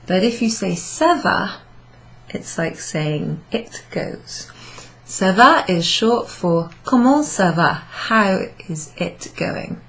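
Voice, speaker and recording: A woman's voice: mid-range voice, animated, slow pace, a bit bright. A woman teaching a beginner class in a recorded lesson, speaking patiently and repeating each phrase for her learners. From United Kingdom. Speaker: French teacher.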